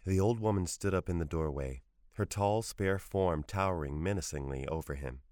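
A man narrates a short story at a measured pace. His voice sits very low, and the recording is close and dry, with no room sound. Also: darkish tone, no room sound. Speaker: audiobook narrator. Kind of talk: scripted narration.

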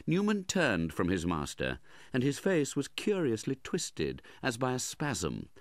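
Deep-voiced man narrating an audiobook. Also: dry recording, studio quality. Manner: measured, expressive storytelling.

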